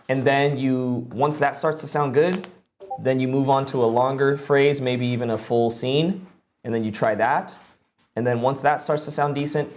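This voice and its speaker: A man's voice: mid-range voice, a little mellow. A young man streaming live, giving casual advice on voice acting with lots of "like" fillers and blunt swearing. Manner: loose and profane, lots of "like" fillers.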